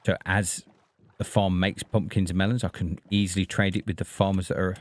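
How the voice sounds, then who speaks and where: A man streaming a game, talking casually to himself and to the characters on screen in a relaxed, chatty way. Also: deep voice, fairly quick. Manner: chatty, talks to himself and the villagers. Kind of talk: casual gameplay commentary.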